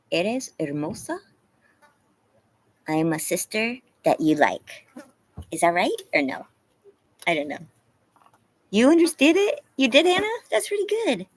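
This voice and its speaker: Giggly husky woman streaming live. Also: mid-range voice, low-quality recording. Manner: chatty, giggly, reads chat aloud. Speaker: livestream host. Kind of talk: casual live-stream chat. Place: home, yard.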